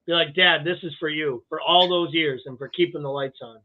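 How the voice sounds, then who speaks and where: A man's voice: fairly high pitch, a little fast. Wry joking man on a tinny line. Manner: wry, joking, profane banter. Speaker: podcast co-host. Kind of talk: casual chat.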